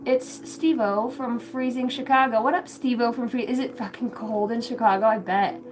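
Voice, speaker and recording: A woman's voice: a little high, moderate pace, noisy background. A middle-aged woman hosting a tarot livestream, chatting casually, swearing often and jumping between chat comments. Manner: profane, scattered, reads chat aloud.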